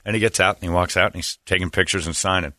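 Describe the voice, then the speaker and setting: A man's voice: low voice, very fast, dry recording, clean studio sound. A man hosting a radio show, telling a story casually and acting out the voices of the people in it. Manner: animated storyteller who acts out quoted voices. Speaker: radio host.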